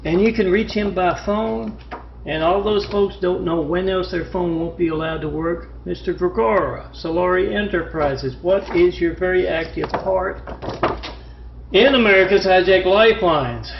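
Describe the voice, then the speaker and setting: A man with a slightly high, gravelly voice rambles through an agitated monologue, stumbling over fillers as he goes. The sound is muffled and lo-fi, bouncing around a reverberant room. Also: normal speed, background noise. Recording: echoey, muffled lo-fi room recording.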